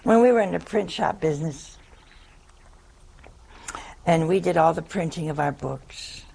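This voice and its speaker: A woman's voice: low voice, animated, measured pace, gravelly, warm tone, husky. An older woman, a nun, telling a humorous folksy story to an audience. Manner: humorous, folksy anecdote with laughs. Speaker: nun giving a talk.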